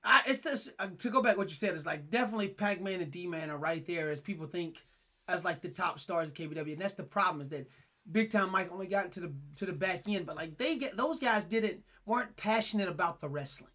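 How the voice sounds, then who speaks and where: A man's voice: high-pitched, fairly quick. A young man co-hosting a podcast, telling stories in casual, emphatic chat. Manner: animated storytelling, emphatic. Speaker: podcast co-host.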